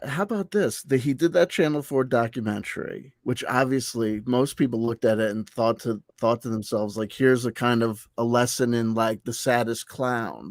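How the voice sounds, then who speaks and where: Man, wry joking asides, casual chat, mid pitch, dry close sound. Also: no room sound. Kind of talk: casual conversation.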